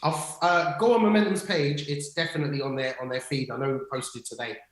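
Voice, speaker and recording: A man's voice: on the high side, fairly even intonation, fairly quick. A middle-aged man co-hosting a casual livestream chat, telling stories eagerly with lots of fillers and restarts. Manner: enthusiastic storytelling with many fillers and restarts. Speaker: co-host. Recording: echoey room.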